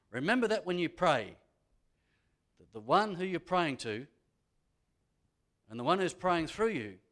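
A man preaching from the pulpit in a fairly high voice. He is a pastor who repeats his key lines and lets his delivery swell for emphasis. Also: fairly bright tone. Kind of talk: sermon. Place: church.

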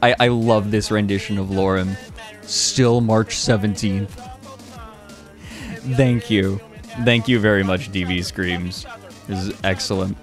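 A man streaming casually, who laughs often, exclaims loudly and reads chat aloud. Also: on the low side, steady tone, measured pace, pauses often, faint music behind.

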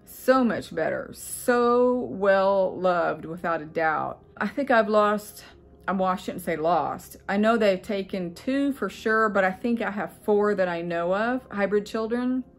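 A woman's voice: medium pitch, expressive, unhurried. A middle-aged woman vlogger telling a personal story in a casual, earnest, rambling way, with many fillers and restarts.

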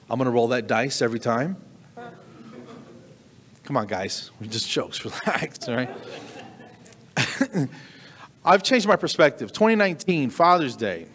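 A middle-aged man performing stand-up comedy, telling a story with animated delivery and sudden high squeaks of disbelief. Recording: long reverberant hall.

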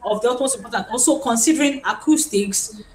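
A woman's voice: fairly high pitch, quick pace, a loud crowd. A woman, a host and vocal coach who explains singing technique earnestly. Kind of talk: interview discussion. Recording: roomy echo, faint background noise.

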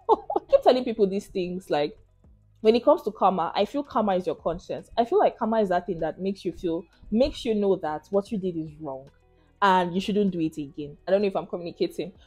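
A woman's voice: on the low side, expressive, fairly quick, darkish tone, breathy edge, soft background music. A young woman with a Nigerian accent, chatting casually to viewers in a question-and-answer vlog and laughing often. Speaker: YouTuber.

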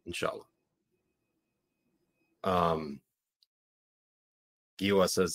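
Low-voiced male podcast co-host. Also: brisk, pauses often, fairly bright tone. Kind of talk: casual irreverent chat.

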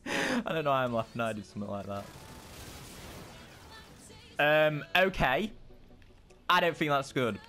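Excitable young man gaming. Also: a little high, a little slow, long pauses, soft background music. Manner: excitable, frustrated outbursts and self-mocking asides. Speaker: gaming channel host. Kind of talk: casual gameplay commentary.

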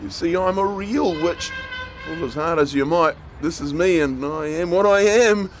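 A man voicing a lonely, gentle real witch who talks in a wistful, pleading way. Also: very high-pitched, huge pitch swings, measured pace, vocal fry, a little hiss or hum, voice pushed up, full character voice.

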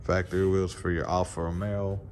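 Low-voiced guy rambling through his rim shop, swears a lot, says "you know" all the time. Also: level tone, brisk, a little mellow, a little hiss or hum. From Puerto Rican heritage. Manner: laid-back, rambling, curses, many fillers like "you know". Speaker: vlogger at a wheel and tire shop. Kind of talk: casual vlog walkthrough. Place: tire and wheel shop.

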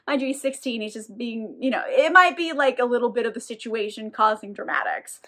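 A woman's voice: on the high side, fairly quick, fairly bright tone. A woman giving a casual, sarcastic recap of a novel, with wry asides and some swearing. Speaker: book reviewer.

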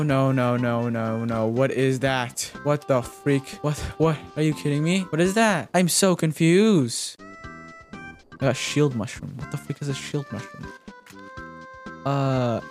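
A young man chatters through a match in a mid-pitched voice, jumping between panic and jokes and saying the same thing over and over. Faint game music plays quietly behind him. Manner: frantic, jokey, repeats himself, yelps when startled. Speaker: gaming commentator. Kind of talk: casual gameplay commentary.

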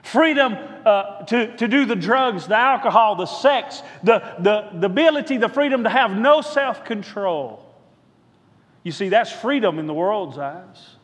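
A man's voice: high voice, lively intonation, unhurried, in a large hall. A man who is a pastor, preaching a sermon with rhythmic repetition and calling out to the congregation for a response. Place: church sanctuary.

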